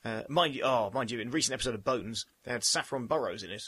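A man's voice: medium pitch, fast talker, bright, forceful tone, breathy edge. A man co-hosting a casual film chat, adding dry, wry quips as he talks. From Britain. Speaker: podcast co-host.

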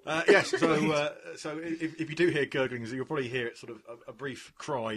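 A man's voice: fairly high pitch, brisk, a bit bright. A young man co-hosting a film podcast in casual chat, joking and rambling, laughing often. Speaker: podcast co-host.

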